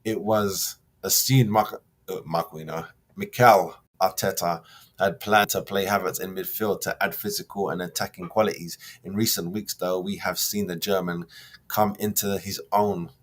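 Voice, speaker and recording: A man's voice: low voice, fairly even intonation, moderate pace. A man hosts a show, reading a news piece aloud and then ranting in a heated, slangy, mocking way. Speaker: host.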